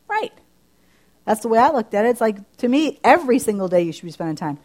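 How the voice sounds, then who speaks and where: A middle-aged woman preaching a sermon in a conversational way, asking her listeners one question after another and jumping up in pitch as she acts out her own prayers. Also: fast. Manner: lively, climbing high when acting out her own prayers.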